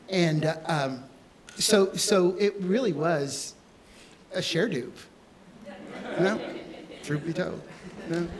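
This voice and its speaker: A man, a fashion designer, answering audience questions with candid, animated storytelling and acted-out dialogue. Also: on the high side. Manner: animated, acts out quoted dialogue.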